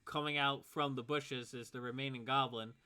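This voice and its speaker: A man's voice: medium pitch, fairly even intonation, normal speed, sharp tone, clean tone. A man narrating as game master of a tabletop game, laid-back, chuckling and counting out movement.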